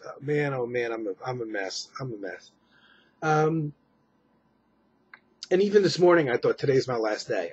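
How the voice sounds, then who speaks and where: A very husky, breathy man talks at a middle pitch, worn out and rambling through a late-night update. He stops and restarts often and fills gaps with ums. The home recording sounds dull and lo-fi. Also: a little mellow. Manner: rambling, weary, with many fillers and restarts. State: exhausted. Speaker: vlogger.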